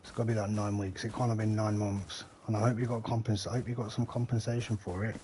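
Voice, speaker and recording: A man's voice: lowish voice, level tone, fast talker, warm tone. A middle-aged man, chatting loosely and swearing while he plays a game on a live stream and answers his chat. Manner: rambling and chatty, swears freely, talks to the chat.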